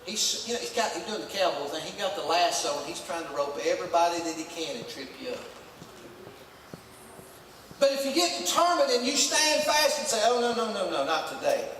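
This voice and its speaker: Male pastor, folksy, punchy, booming sanctuary echo, faint room hiss. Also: big pitch swings, a little fast. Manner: folksy, emphatic preaching with rising shouts. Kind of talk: sermon. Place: church sanctuary. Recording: echoey church hall from far off.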